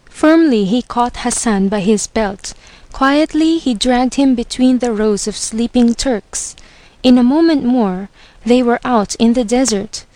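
A woman narrating a storybook with a measured, expressive reading. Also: fairly high pitch, no room sound. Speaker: reader.

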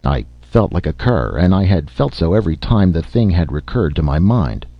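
A man narrating a story aloud in an expressive, dramatic reading style. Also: sits low, moderate pace, creaky, no room sound. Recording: slightly muffled lo-fi recording.

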